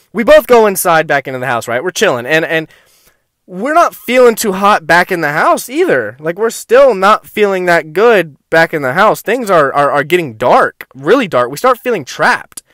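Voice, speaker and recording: Young man, profane, high-voiced storyteller. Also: smooth, no echo, studio quality. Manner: profane, rambling, animated. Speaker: vlogger. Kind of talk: casual storytelling to camera.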